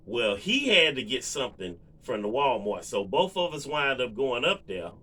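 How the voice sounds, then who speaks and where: Chatty man telling a story, lively pitch. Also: moderate pace, breathy edge. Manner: relaxed, rambling, lots of fillers and asides to viewers. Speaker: vlogger. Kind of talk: casual storytelling to camera.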